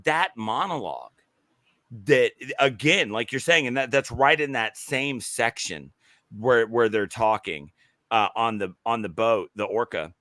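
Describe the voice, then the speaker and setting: A man co-hosting a podcast, talking excitedly in casual chat with many restarts and halting phrases. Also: medium pitch, no room sound, clean studio sound. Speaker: podcast co-host.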